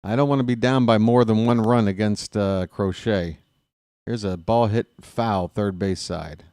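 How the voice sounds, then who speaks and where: Baltimore-accented man, fan-style solo play-by-play; low-pitched, dry close sound. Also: unhurried, dry recording. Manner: excited fan rooting for his team. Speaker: play-by-play announcer. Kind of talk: solo baseball play-by-play commentary.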